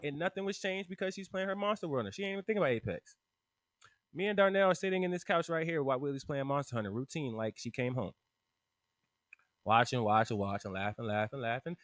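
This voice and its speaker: A man co-hosting a casual podcast, telling a story in an animated, profane way and acting out the voices of the people in it. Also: high-pitched, no echo. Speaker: podcast co-host.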